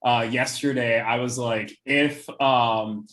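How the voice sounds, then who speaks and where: Young male podcast co-host, mid-pitched, loose and chatty, laughs a lot, lots of ums. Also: fairly even intonation, slow, a bit bright. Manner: laughing often, many fillers. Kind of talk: casual chat.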